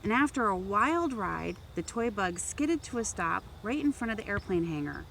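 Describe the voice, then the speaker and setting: A woman reads a picture book aloud for children with a gentle storytelling manner. Her pitch swings widely as she narrates, and faint background hiss sits under her voice. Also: big pitch swings, normal speed, vocal fry. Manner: gentle storytelling, raising voice for toy characters. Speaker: volunteer reader.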